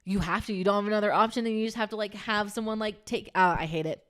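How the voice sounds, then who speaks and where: A woman's voice: mid-range voice, quick pace, clean tone. A young woman in her twenties co-hosting a podcast, talking casually and animatedly with heavy use of "like". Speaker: podcast co-host. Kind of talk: casual chat.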